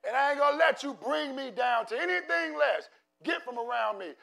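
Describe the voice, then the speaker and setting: High-pitched shouting preacher with gravelly voice. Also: male voice, animated, fairly quick. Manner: preaching with shouted, call-and-response exhortation. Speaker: pastor. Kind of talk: sermon. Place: church sanctuary. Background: congregation in a church.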